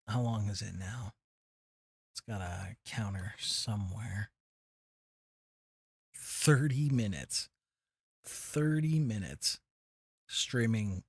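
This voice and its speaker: A man's voice: lowish voice, slightly rough, dry recording, studio quality. A man casually commenting while he streams a game, rambling and poking fun at himself. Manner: rambling, self-deprecating.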